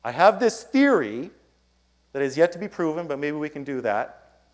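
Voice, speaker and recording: With a fairly high pitch and very animated delivery at normal speed, a man gives a keynote talk to a conference audience. He tells a story and acts out his own lines in a raised voice.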